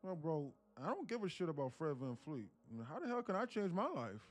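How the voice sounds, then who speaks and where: A young male livestream host who rambles casually, cursing and laughing as he talks. His pitch is somewhat high and very lively. Faint music runs behind him. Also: fairly quick. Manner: profane, rambling, laughs often. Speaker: day-trading livestream host. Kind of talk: casual live-stream chat.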